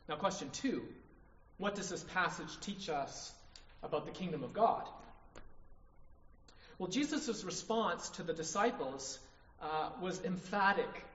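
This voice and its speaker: Higher-voiced preacher in an echoey hall. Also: male voice, a bit bright. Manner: emphatic, repeats "right?" to the congregation. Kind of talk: sermon. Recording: distant, echoey hall, dull sound.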